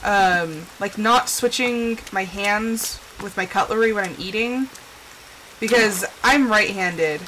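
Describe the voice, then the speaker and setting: Speaking slowly at a medium pitch, this woman from the Southwestern US sounds pushed and bright while streaming a game. She rambles, chats to herself, and leans on fillers. The low-quality recording carries a little hiss or hum.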